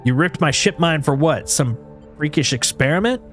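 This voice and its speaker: A man voicing a fierce, hot-tempered armored woman fighter who shouts threats in a video game. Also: on the high side, expressive, moderate pace, faint music behind, voice pushed up. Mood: furious.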